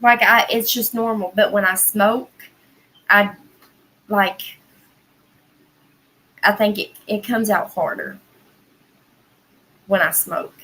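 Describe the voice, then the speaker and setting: A woman's voice: medium pitch, fairly even intonation, slow pace, pauses often, sharp tone, rough recording. Chatty Southern woman rambling on a livestream. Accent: Southern American. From Southern United States. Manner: rambling, chatty, heavy use of "like" and "y'all". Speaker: livestream host reading viewer comments. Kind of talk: casual livestream chat.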